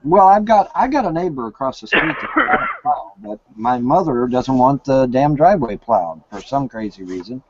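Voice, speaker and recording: A man's voice: medium pitch, very animated, normal speed, hardly any pauses, very noisy. A man, talking rambling and hesitant in casual chat on a video call from his home. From Kentucky, USA. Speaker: live hangout host. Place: home in the woods. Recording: dull lo-fi call audio.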